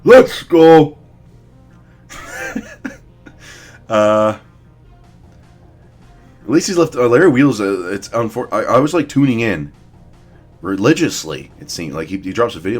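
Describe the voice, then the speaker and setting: Over soft background music, a young man who makes fitness videos rates influencers in casual, foul-mouthed, rambling commentary that doesn't hold back. His low voice moves briskly with lively intonation.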